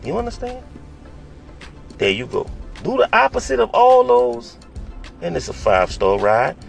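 Gravelly high-voiced New man lecturing. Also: huge pitch swings, moderate pace, faint music behind. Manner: lecturing, scolding, keeps asking "you understand?". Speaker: rideshare driver. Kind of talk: direct-to-camera advice monologue.

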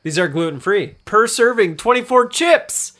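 A man co-hosting a casual snack-tasting chat, excitable and playful and laughing often. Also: high voice, normal speed. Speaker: podcast co-host tasting snacks.

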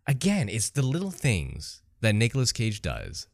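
A man co-hosting a podcast, chatting casually about movies in a mocking, animated way. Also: on the low side, moderate pace, creaky, dry recording, clean studio sound. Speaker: podcast co-host.

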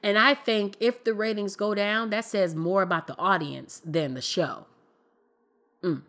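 A woman with a bright, clear voice talks straight into her own podcast. She is candid and emphatic and uses colloquial phrasing. Her delivery is relaxed but insistent. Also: medium pitch, a little slow. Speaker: podcast host. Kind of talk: casual opinion commentary.

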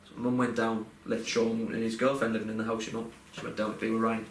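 Speaking fast in a lowish voice with little pitch movement, a young man rambles through a heartfelt personal story on a casual podcast. He uses lots of fillers and restarts, and the recording carries a roomy echo and faint background noise.

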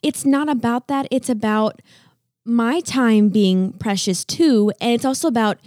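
A woman's voice: on the high side, measured pace, a little mellow, no room sound, clean studio sound. A teenage girl co-hosting a podcast with her father, chatty, earnest and frank about home life. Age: teens. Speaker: podcast co-host. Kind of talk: casual family podcast chat.

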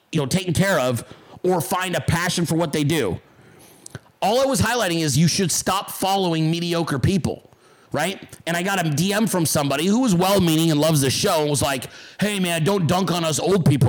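A man hosting a casual livestream show, talking bluntly and with lots of swearing, and mocking his critics in put-on voices. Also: high voice. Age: adult. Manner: blunt, profane, combative; mocks callers in put-on voices. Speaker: podcast host.

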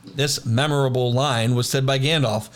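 A man's voice: medium pitch, fairly even intonation, moderate pace. A young man co-hosting a casual chat, laid-back and rambling as he reads out trivia. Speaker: podcast co-host.

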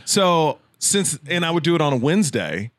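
A middle-aged stand-up comedian from Houston, Texas, telling stories in a casual podcast conversation and acting out what people said. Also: male voice, fairly high pitch, normal speed, dry recording, clean studio sound. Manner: animated storyteller, acts out quotes.

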